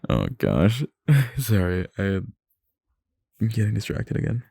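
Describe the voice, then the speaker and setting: A young man with a very low, gravelly voice rambles through an ASMR boyfriend role-play. He talks nervously, laughs and swears as he goes. His voice sits close on the mic in a dry, dead room. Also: dark tone, dry recording.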